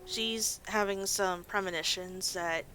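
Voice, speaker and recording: A woman's voice: mid-range voice, fairly even intonation, measured pace, music in the background, rough recording. A tired woman casually chatting as she plays a game, rambling and poking fun at her own slips. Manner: rambling, self-deprecating, sleepy. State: tired, yawning. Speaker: let's play host. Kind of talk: relaxed gameplay commentary.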